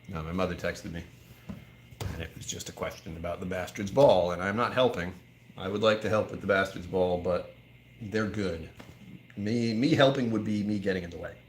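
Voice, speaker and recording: A low-voiced American man hosts a whiskey livestream from inside a whiskey bar, with slight noise in the background. He chats casually, cracks jokes, and reads out viewer comments.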